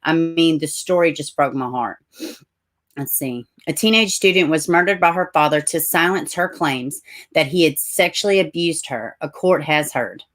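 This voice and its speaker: Deep-voiced middle-aged Southern woman from Tennessee, hosts a casual stream, chatty, corrects herself often. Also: normal speed, fairly bright tone. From Tennessee, USA. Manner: chatty, frequent asides and self-corrections. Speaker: livestream host. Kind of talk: casual livestream talk, reading news aloud.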